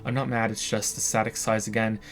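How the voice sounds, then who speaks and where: A man's voice: on the low side, level tone, a little fast, soft background music, natural voice. A man voicing an exasperated former bar manager woman on the phone, reading game dialogue aloud with weary, blunt reproach.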